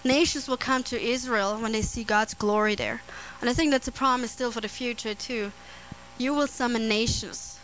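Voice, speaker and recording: A woman preaching a sermon on scripture, earnest and prone to restarts and soft laughter. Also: fairly high pitch, steady tone, normal speed, a little hiss or hum, poor audio.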